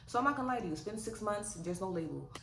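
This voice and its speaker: Young woman vlogger, animated and sassy, chatty storytelling, roomy sound. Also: mid-range voice, very fast, vocal fry. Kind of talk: casual storytime vlog. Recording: roomy echo with faint noise.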